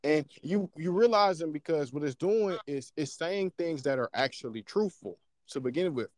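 A man in casual podcast chat, talking in an animated, slangy way and checking in with his listeners as he explains. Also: fairly high pitch, moderate pace, no room sound. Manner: animated, slangy, often asks "you know what I'm saying". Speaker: podcast co-host.

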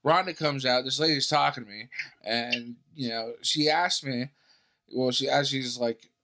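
A man of middling pitch tells stories in a casual chat, cursing freely and throwing in quick asides. He speaks in an animated, offhand way.

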